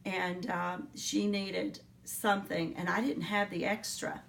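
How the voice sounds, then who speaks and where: A middle-aged woman giving an oral history interview, telling her story in an earnest, reflective way with pauses and fillers. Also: medium pitch, little pitch movement, vocal fry, a bit bright, far from the mic, a little hiss or hum. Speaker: interviewee, teacher.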